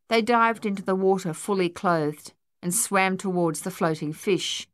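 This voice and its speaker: A woman narrating a novel in a measured storytelling manner, close to the microphone. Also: mid-range voice, no room sound. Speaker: audiobook narrator. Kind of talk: scripted narration.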